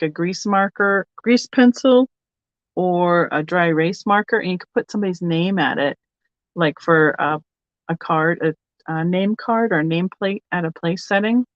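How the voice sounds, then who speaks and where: Showing off items and taking bids in a live online vintage sale, a woman talks casually and thinks out loud. She has a fairly low voice at normal speed, and the lo-fi recording sounds slightly dull, without echo.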